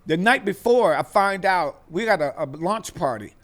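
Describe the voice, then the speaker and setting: A man's voice: high-pitched, animated, normal speed. A comedian man from the Midwest, animatedly telling comic stories as a talk-show guest and acting out other people's voices with street slang.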